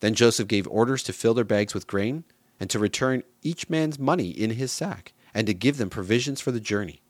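Man, Bible reading, low voice, measured. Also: lively intonation, no room sound. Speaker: scripture reader.

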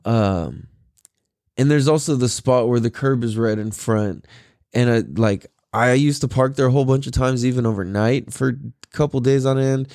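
A man's voice: mid-range voice, normal speed, a little mellow, dry recording, clean studio sound. A tired young man hosting his own podcast, rambling in a laid-back way with lots of swearing, fillers and laughs. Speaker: podcast host. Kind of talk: casual solo podcast monologue.

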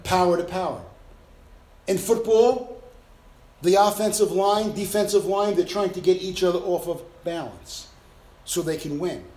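A man's voice: high-pitched, a little slow, long pauses, darkish tone, echoey room. A male preacher delivering a sermon with emphatic bursts and acted-out sounds.

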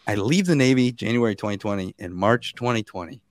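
Animated storytelling man with a low voice. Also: fairly quick, no room sound. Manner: animated, laughing storyteller acting out quotes. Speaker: guest. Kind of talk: casual podcast storytelling.

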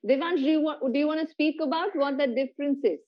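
A woman's voice: high voice, fast, dull audio. A middle-aged woman hosting a podcast, patiently explaining science in casual chat with a child and laughing often. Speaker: podcast host.

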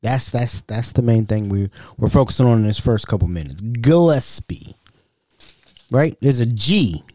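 A man hosting his own podcast, ranting in a casual, animated way and stumbling over repeated words. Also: moderate pace, dry recording. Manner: animated ranting, repeats words, mocks callers in high voices. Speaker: podcast host.

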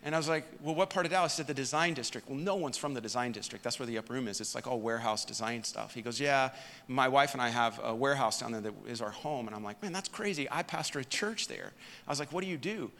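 A man's voice: medium pitch, fast talker, a bit bright. A male pastor telling a testimony from the pulpit, easygoing and chatty, with a middling voice. His voice carries a long reverb tail from a large church auditorium. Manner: conversational storytelling with fillers. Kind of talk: sermon testimony. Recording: reverberant hall.

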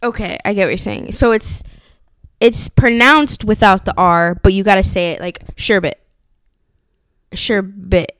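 A woman's voice: medium pitch, moderate pace, fairly bright tone, clear, resonant tone, dry recording, clean studio sound. A young woman co-hosting a casual podcast chat, laughing often, swearing freely and teasing her co-host. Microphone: studio mic.

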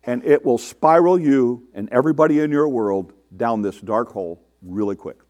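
A man's voice: mid-range voice, normal speed, a little mellow. A man preaching a sermon to his congregation in a conversational way, asking rhetorical questions and mimicking the people he quotes. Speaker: pastor.

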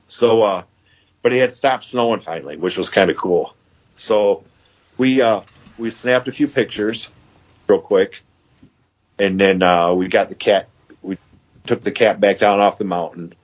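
A man's voice: fairly low pitch, unhurried, pauses often. A man, a podcast guest, telling a long story in a folksy way, acting out the dialogue and laughing as he goes. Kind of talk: casual storytelling. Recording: dull lo-fi podcast audio.

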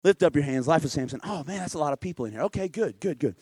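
High-pitched pastor guy preaching casual and animated, dry sound. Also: racing, breathy edge, no echo. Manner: lively, conversational, asks the congregation questions. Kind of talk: sermon.

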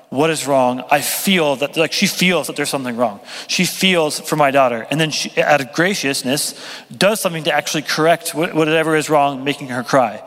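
A young man preaching a sermon in a casual, joking, conversational way. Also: fairly high pitch. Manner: conversational, self-deprecating humor, lively. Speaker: pastor. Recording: long reverb of a hall.

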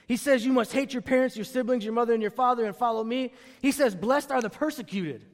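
A man's voice: very high voice, fast talker. A man preaching a sermon who calls out to the congregation for responses and hammers his key phrases by repeating them. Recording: long reverb of a large room.

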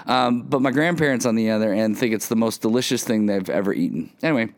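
A man's voice: on the low side, fast, no room sound. A man preaching a casual sermon, rambling with many fillers and self-deprecating humor. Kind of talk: casual sermon with personal story.

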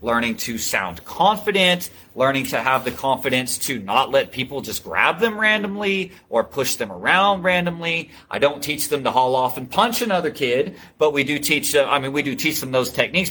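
A man's voice: medium pitch, a bit bright, a little hiss or hum. A man who teaches martial arts, talking earnestly in a casual interview with many restarts. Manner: earnest, storytelling, frequent restarts.

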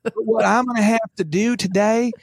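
A man's voice: high voice, steady tone, brisk, creaky, husky, dry recording, voice pushed up, heavily acted. A man voicing a hedging, apologetic churchgoing businessman who dances around the point. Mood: evasive apology. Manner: roundabout, overly polite.

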